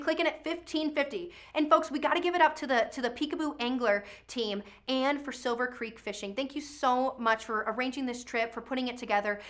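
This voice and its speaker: A woman hosting a live virtual charity auction from a studio, chatty and energetic, calling out bidders' names and pushing for the next bid. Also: high-pitched.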